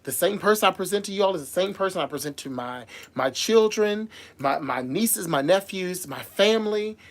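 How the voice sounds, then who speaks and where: A woman with a lowish voice vents on a casual livestream, talking straight to her viewers. She is heated and emotional, and she keeps stumbling, repeating and restarting her words. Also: lively intonation, moderate pace. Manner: addresses viewers directly. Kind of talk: casual live-stream rant.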